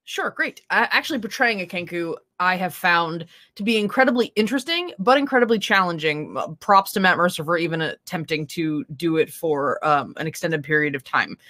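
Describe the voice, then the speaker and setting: A woman's voice: on the low side, animated, a little fast, hardly any pauses, sharp tone. A woman co-hosting a casual tabletop gaming stream, talking reflectively with lots of fillers. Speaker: co-host, dungeon master. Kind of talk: casual chat.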